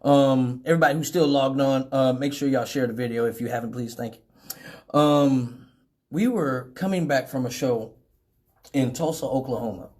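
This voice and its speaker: A man hosting a live show, from Detroit, telling profane stories with animated voices for each person in them. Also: mid-range voice, normal speed. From Detroit, Michigan. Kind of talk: casual storytelling.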